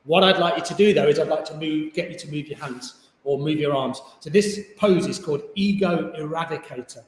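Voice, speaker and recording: A man's voice: a little high, fairly quick. A man teaching a yoga class online, chatty and encouraging, with jokes about himself. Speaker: yoga instructor. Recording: echoey room with long reverb.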